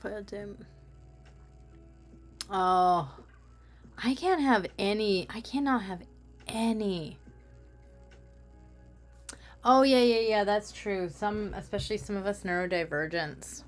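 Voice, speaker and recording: A woman's voice: medium pitch, slow pace, pauses often, faint music behind. A woman craft vlogger chatting casually while she works, rambling with self-mocking humor.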